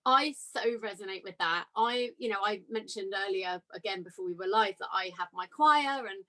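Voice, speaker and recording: A woman hosting a podcast, talking in an enthusiastic, animated way in casual conversation with her guest. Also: mid-range voice, moderate pace. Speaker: podcast host.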